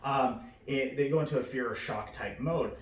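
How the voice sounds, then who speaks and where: A man teaching dog training in a casual, filler-heavy way, now and then switching to a high, bright praise voice. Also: moderate pace. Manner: casual, many fillers, raises pitch for praise voice. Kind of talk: instructional demonstration. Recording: echoey, from a distance.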